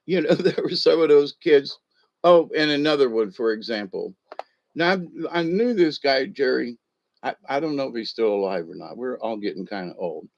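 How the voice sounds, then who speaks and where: A man's voice: mid-range voice, creaky, highs cut off. A man, chuckling as he tells a rambling personal story full of ums and uhs. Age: 60s. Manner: rambling, chuckling, with many fillers.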